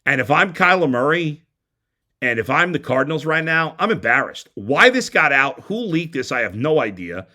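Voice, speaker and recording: A man's voice: on the high side, very animated, normal speed, pushed and bright. A man hosting a sports talk show, ranting bluntly and heatedly with frequent stumbling restarts. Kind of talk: opinionated sports radio rant.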